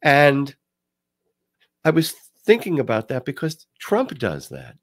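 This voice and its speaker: Talk host, male, lively ups and downs in pitch, dry close sound, chatty commentary. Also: slow pace, dry recording. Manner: animated, swooping inflection, frequent restarts. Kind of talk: political commentary chat.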